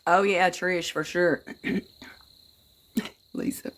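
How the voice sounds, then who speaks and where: A woman hosts a casual livestream, greeting viewers by name, swearing freely and telling rambling, folksy stories. Her voice is on the low side and a bit bright, and she speaks extremely slowly.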